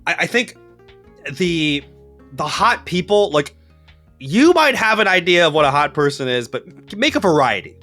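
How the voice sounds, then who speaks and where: A man co-hosting a casual chat, giving game-running advice in an animated way and often tagging his sentences with "right?". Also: on the high side, moderate pace, soft background music.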